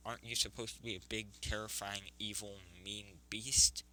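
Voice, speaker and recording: A man voicing a bewildered young woman who holds a beast inside her, speaking slowly and softly. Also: on the low side, little pitch movement, low-quality recording.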